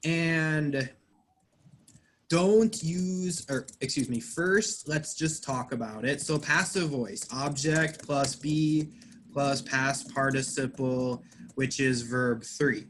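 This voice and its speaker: A man's voice: mid-range voice, takes it slowly, fairly bright tone, slight background noise. A man teaching an English grammar class, explaining patiently step by step and quizzing his students.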